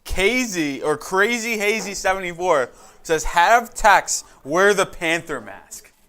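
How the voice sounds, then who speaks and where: A man's voice: high voice, lively intonation, takes it slowly, sharp tone, clear, resonant tone. A man co-hosting a live sports stream, joking along and reading out viewer donations. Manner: playful, joking banter, reads super chats. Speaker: co-host.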